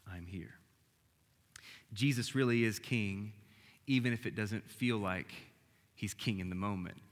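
A man preaching a casual, animated sermon to a church audience, sometimes dropping his voice to a soft hush. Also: lowish voice, moderate pace. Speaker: pastor. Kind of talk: conversational sermon. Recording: long hall reverb.

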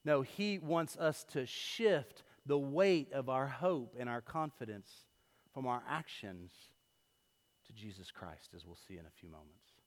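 A man preaching a sermon as pastor, telling everyday stories in a lively way that swings from loud to hushed. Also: mid-range voice, a little slow. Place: church sanctuary. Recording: long hall reverb.

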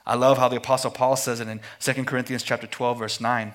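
A man preaching a sermon at a missions conference, passionate and rhythmic, repeating phrases and dropping to hushed tones. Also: mid-range voice, level tone, quick pace, hardly any pauses. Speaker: guest preacher.

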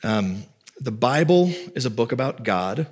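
A man's voice: medium pitch, animated, slightly rough. Man preaching a conversational sermon. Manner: conversational preaching with quick asides. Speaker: pastor.

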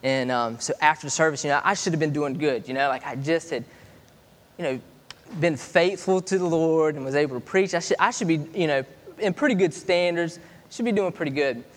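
A man in his thirties preaching a sermon in a chatty way, stopping and restarting often. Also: fairly high pitch. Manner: conversational, halting with many restarts. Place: church hall. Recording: long hall reverb.

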